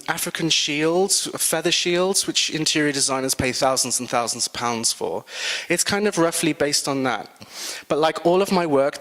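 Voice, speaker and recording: A British man giving a casual, animated guest talk to students, chatty and self-mocking. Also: medium pitch. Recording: long reverb in a hall.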